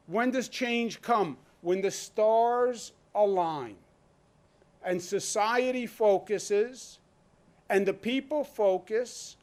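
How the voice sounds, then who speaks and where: A man giving an emphatic, rhetorical speech at a press briefing as a state governor. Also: high voice. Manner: emphatic, rhetorical, quotes imagined voices.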